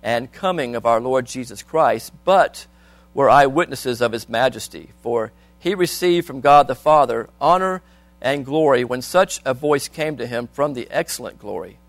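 A man preaching a sermon, reading scripture aloud and asking the congregation questions, swinging between soft and loud. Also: mid-range voice, moderate pace, vocal fry, dry recording.

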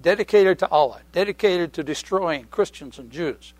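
A middle-aged male preacher with a slightly high voice gives a sermon in an easy, conversational way. He repeats key phrases for weight and clears his throat often. The recording is dry and close. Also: moderate pace, no echo.

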